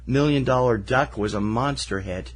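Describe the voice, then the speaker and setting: A man's voice: mid-range voice, normal speed, slight background noise. A man co-hosting a casual film podcast, wry and teasing, rambling with fillers as he runs through festival titles. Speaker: podcast co-host.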